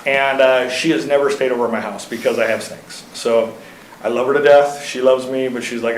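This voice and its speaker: A man's voice: medium pitch, fairly even intonation, fairly quick, slight background noise. A man in his thirties from Iowa speaking to a city council as the local reptile keeper. He talks in a casual, folksy way, full of fillers and stories. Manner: chatty and folksy, lots of fillers and anecdotes. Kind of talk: casual storytelling at a public meeting. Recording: roomy council chamber sound.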